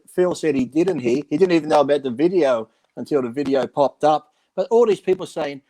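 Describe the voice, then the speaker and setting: A man's voice: fairly high pitch, fairly quick, few pauses, mellow. A man chatting on a radio show, telling stories animatedly and acting out quotes, swearing freely. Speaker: bodybuilding radio show regular. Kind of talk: casual chat, storytelling.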